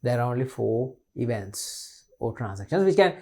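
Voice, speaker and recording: A man's voice: medium pitch, big pitch swings, moderate pace, warm tone, slightly rough. Repetitive Sri male teacher. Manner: repetitive, asks and answers his own questions. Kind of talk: recorded exam-paper lesson.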